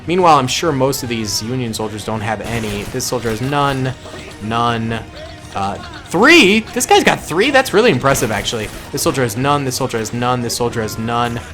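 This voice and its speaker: A man from suburban Massachusetts giving casual gameplay commentary, chatty and thinking aloud with quick reactions and self-corrections. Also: medium pitch, lively intonation, fairly bright tone, soft background music. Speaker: gaming channel host.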